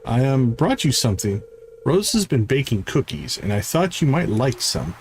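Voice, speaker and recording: Man voicing a shy, gentle young guy, hesitant delivery. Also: mid-range voice, sing-song, moderate pace, a little hiss or hum. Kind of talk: reading game dialogue aloud in voices.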